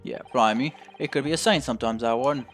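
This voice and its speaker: A man voicing a rough Cockney thief brother with a coarse, slangy manner, in a game playthrough. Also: medium pitch, brisk, fairly bright tone, faint music behind, close to an everyday voice. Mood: sly.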